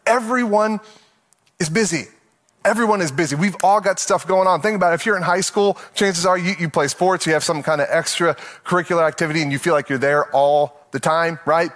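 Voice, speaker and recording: Playful, fairly high-voiced male pastor. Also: fairly quick, a bit bright. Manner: conversational and playful, acting out everyday voices with laughs. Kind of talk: sermon.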